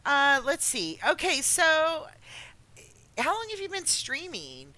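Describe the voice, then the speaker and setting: A woman hosting a casual chat, talking in a chatty way with many uhs and halting starts. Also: high-pitched, huge pitch swings, bright, forceful tone, no room sound. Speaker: host.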